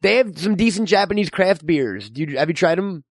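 A man hosting a casual chat, excitable and swearing heavily. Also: high-pitched, brisk, no echo, studio quality. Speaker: host.

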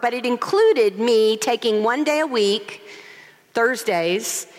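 A woman co-pastor in her forties preaching a sermon, telling stories and asking rhetorical questions. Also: a little high. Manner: expressive storytelling with rhetorical questions. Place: large church sanctuary. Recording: long hall reverb.

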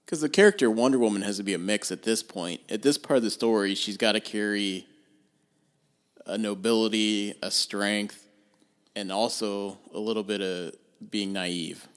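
A man co-hosting a film review podcast, laying out his points in a measured, analytical way and steering the conversation. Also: fairly low pitch, clean tone. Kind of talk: casual film review chat.

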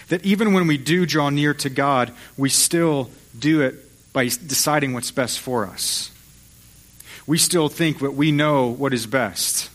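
A man preaching as a pastor, retelling an old story with storytelling flair. He speaks at a middle pitch and slips briefly into the voices of the people he describes. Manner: storytelling, acts out voices of biblical figures. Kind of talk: sermon.

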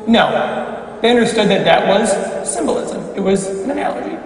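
A man's voice: high-pitched, animated, normal speed. A man preaching a homily as a Catholic priest, emphatic and full of rhetorical questions. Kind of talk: homily at Mass. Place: large church. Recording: echoey church hall from far off.

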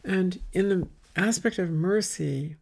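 A woman leads a meditative spiritual retreat talk, speaking very slowly with a gravelly, husky edge. She often sinks into a near whisper and lets phrases pile up in long, chant-like lists. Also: fairly low pitch. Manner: soft, often dropping to a whisper, incantatory lists.

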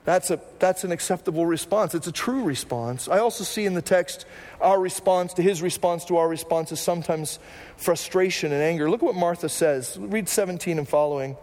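A man's voice: high-pitched, a little fast, darkish tone, in a large hall. A male pastor preaching a sermon, repeating phrases and tossing in "right?" asides.

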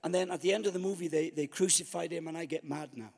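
A man's voice: fairly high pitch, fast, gravelly, a little mellow, long reverb tail. A man preaching a storytelling sermon, acting out his own past thoughts.

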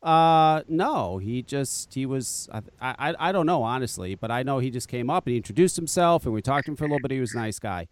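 A man's voice: medium pitch, fast talker, few pauses, no room sound. A man hosting a podcast, telling a profane story in a casual chat and acting out what people said. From northern US. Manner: profane, animated storyteller who acts out quotes. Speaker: podcast host.

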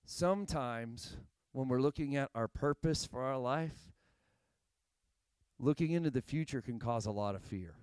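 Animated preaching man, smooth clear voice. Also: mid-range voice, unhurried, dry recording. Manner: animated preaching, repeats phrases, rising to emphatic. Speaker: pastor. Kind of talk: sermon.

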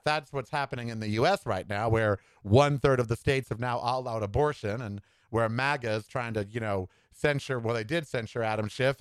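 Here the podcast host's voice sounds clean and fairly bright as he gives a sassy monologue full of opinions and campy side remarks. His pitch and tempo shift dramatically, and the sound is dry.

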